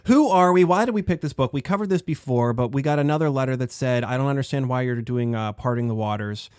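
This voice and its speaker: A middle-aged man hosts a casual podcast, rambling and poking fun at himself. His voice sits at a medium pitch and sounds close and dry, with nothing around it. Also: fast, a little mellow, clear, resonant tone, dry recording. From Pittsburgh area, USA. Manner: rambling, self-deprecating, trails off with fillers. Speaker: podcast host.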